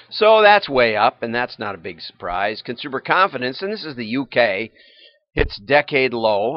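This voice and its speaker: Chuckling frequently, an older livestream host chats in a rambling way about the news items he is covering. His voice is fairly low. The audio is dull, lo-fi and dry, without room sound.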